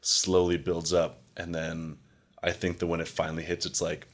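A man's voice: deep voice, completely flat delivery, normal speed. A young man talking casually and at length about feelings, rambling and filling his talk with "like". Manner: rambling, heavy use of "like", acts out quoted exchanges. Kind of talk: casual chat.

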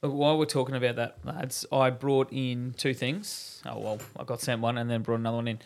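A man's voice: mid-range voice, level tone, fairly quick, vocal fry. A man co-hosting a dads' podcast, chatting casually, rambling a little and laughing often. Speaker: podcast co-host. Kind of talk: casual chat, telling a joke.

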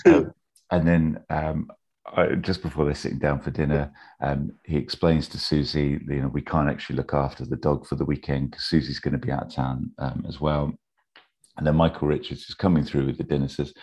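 A man with an extremely low voice and a husky grain tells a long story in casual conversation. He rambles, with many fillers and restarts. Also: flat delivery, normal speed, a little mellow. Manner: rambling, many fillers, acts out characters' lines in a high voice. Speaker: podcast guest pitching a fan episode.

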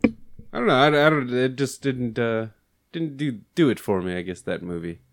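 A man's voice: medium pitch, lively intonation, normal speed, slight background noise. A man chatting casually with friends, swearing often, laughing a lot and slipping into mock voices. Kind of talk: casual chat among friends.

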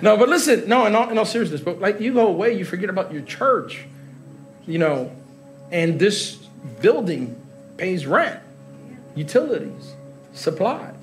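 High-voiced, animated male preacher. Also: moderate pace, faint music behind. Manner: animated, joking preacher who laughs with the congregation. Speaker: pastor. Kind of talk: sermon. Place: large church hall.

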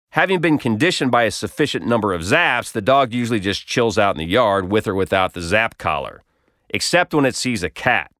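A man's voice: on the low side, fairly bright tone, no room sound. A man reading his own comic story aloud with wry, dry humor. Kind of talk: scripted narration.

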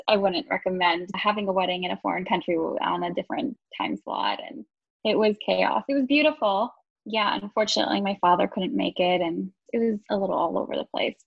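Lively young woman telling a story. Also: medium pitch, creaky, no room sound, lo-fi sound. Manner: animated, laughs often, acts out quotes. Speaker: interview guest. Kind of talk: casual storytelling.

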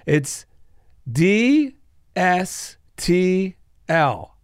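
A man's voice: high voice, very animated, drawn-out words, clean tone, dry recording, clean studio sound. A man co-hosting a podcast in casual chat, with reflective, spiritual musings. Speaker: podcast co-host.

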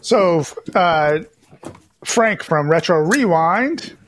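A man's voice: on the high side, lively intonation, extremely slow, fairly bright tone. A man co-hosting a podcast in upbeat, agreeable casual chat. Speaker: podcast co-host.

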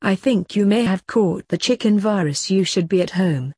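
A woman's voice: medium pitch, animated, normal speed, mellow, slightly rough, dry recording. A woman voicing a dry-witted young man who teases his father. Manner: dry and teasing.

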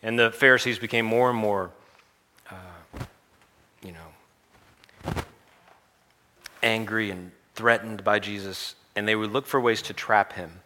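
A man preaching a sermon, retelling a story with lively energy and chanting the crowd's lines. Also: on the low side, slow pace, pauses often, a little hiss or hum.

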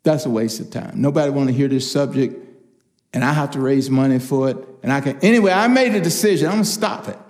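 An older man preaching a personal testimony, telling stories with lively quoted voices. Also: medium pitch, fast talker. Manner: animated storytelling, acts out quoted voices. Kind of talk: testimony sermon.

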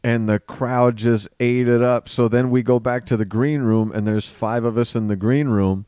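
A man, a comedian guest on a podcast, telling stories in casual chat with lively swearing. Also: medium pitch, normal speed, clean tone, dry recording, studio quality. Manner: animated storyteller, swears freely.

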